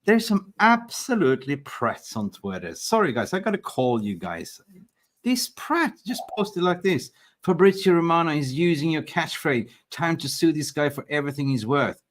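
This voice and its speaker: Lively, excitable man hosting a stream. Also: a little high, moderate pace. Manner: excitable, laughs often, swears freely. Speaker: host of a fan channel live stream. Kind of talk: casual live-stream chat.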